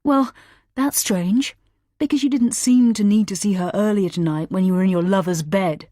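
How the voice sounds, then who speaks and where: A woman's voice: lowish voice, normal speed, darkish tone, breathy edge, no room sound, clean studio sound. A woman reading a young man's lines, bitter, accusing and tearful. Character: young man, desperate, furious and grieving.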